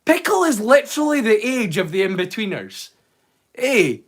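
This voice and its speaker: A man's voice: high-pitched, big pitch swings, moderate pace. A Scottish man chatting casually with live viewers, teasing and swearing freely. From Scotland. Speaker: live streamer.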